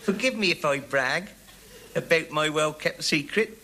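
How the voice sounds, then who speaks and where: A man's voice: fairly high pitch, lively intonation, unhurried, bright, forceful tone, exaggerated voice. A man doing a giggly folksy lady poet. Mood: giggly, coy. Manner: giggling, folksy rustic phrasing. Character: giggly female comic poet, bashful and bragging. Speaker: poem reciter.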